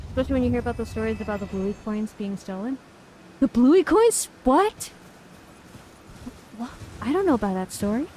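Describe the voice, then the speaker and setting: A woman in her thirties from the United States, streaming a game live, jumping from sudden high squeals of surprise into relaxed chatty talk with her viewers. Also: a little fast, a little hiss or hum, poor audio. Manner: excitable, squeals and exclaims at game events, then chats casually. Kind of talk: live gameplay commentary.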